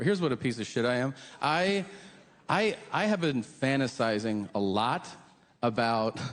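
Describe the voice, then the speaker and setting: A man doing a stand-up comedy set, telling stories deadpan and acting out both sides of the conversations. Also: medium pitch. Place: comedy club stage. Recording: live club stage mic, long hall reverb, audience noise.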